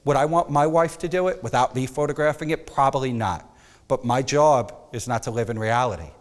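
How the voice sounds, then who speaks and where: A man teaching a photography workshop, emphatic and animated, sometimes dropping to a soft coaxing tone. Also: mid-range voice, a little fast, in a large hall. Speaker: photography instructor.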